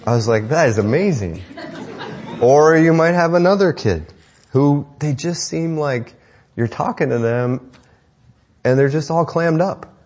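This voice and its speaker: A man's voice: fairly high pitch, animated, measured pace, pauses often, darkish tone. A middle-aged man preaching a sermon to parents in a conversational, joking way, with self-deprecating asides. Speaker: pastor.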